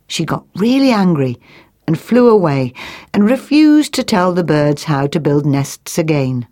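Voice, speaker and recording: A woman reading a children's folk tale aloud as storyteller, slow and expressive. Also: low-pitched.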